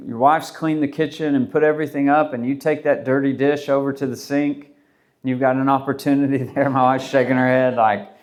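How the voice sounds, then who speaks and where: A man's voice: medium pitch, a little mellow. A man preaching a sermon as pastor, in a conversational, rambling way with many restarts and rhetorical questions.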